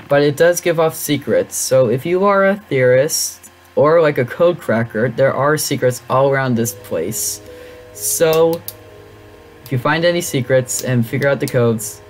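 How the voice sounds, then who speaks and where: Animated, dramatic gameplay commentator. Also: medium pitch. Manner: dramatic, over-the-top reactions to the game; talks to the game and its characters. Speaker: gaming channel host.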